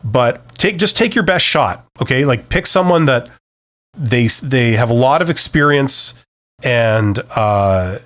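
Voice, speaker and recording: A man's voice: medium pitch, animated, a little slow, fairly bright tone. A middle-aged man hosting a live-stream Q&A, giving career advice in a loose, conversational way full of fillers and restarts. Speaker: career advice host answering viewer questions.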